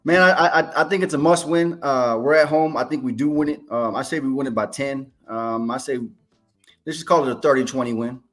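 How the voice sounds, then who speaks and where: A man's voice: medium pitch, a little fast, soft background music. A man in a casual sports chat, giving blunt trash talk with hesitant restarts.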